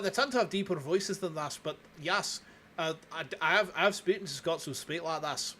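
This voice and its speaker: A man's voice: on the high side, pushed and bright. A man from England chatting casually while streaming a game, rambling, swearing and mocking himself. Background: game music.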